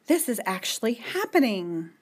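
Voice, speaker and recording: A woman's voice: a little high, big pitch swings, normal speed, slightly rough. A woman voicing a nervous, flustered grown man who stammers and speaks timidly.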